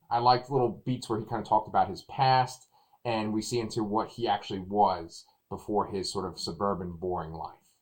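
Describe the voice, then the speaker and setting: A man reviewing a movie in casual chat, animated and acting out what others said. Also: mid-range voice, poor audio. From Texas. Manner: animated, acts out quotes loudly.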